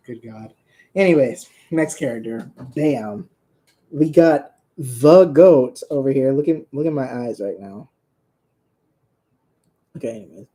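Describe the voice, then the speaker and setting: Man, unhurried casual chat, warm low-key voice. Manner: rambling, laughing, talks to his cat. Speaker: creator presenting his original characters. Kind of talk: casual rambling chat to viewers.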